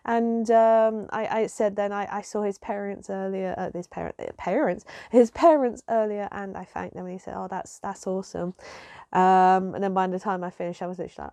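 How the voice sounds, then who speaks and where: A woman talking straight to camera in a casual vlog, her voice low and mellow with a gravelly fry running through it. She rambles emotionally, circling back with fillers and restarts, in a dry, close-sounding room. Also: fairly even intonation, a little fast, no echo. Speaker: vlogger. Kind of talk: casual chat.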